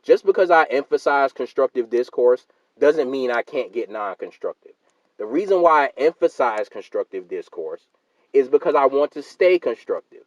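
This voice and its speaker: Brief: grown man, mid-pitched, delivering a fired-up argumentative solo rant, dry close sound. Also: animated, moderate pace, no room sound, muffled recording. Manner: emphatic and argumentative, repeats points, calls listeners fam and sister. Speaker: YouTube channel host. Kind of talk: heated solo rant to camera.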